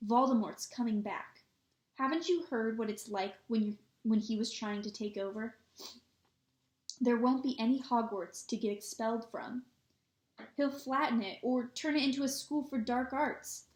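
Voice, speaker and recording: A defiant boy wizard presses his point with urgent insistence, as a woman reads him. The voice sits a little high. The recording carries a noticeable room echo. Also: darkish tone, natural voice. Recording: echoey room.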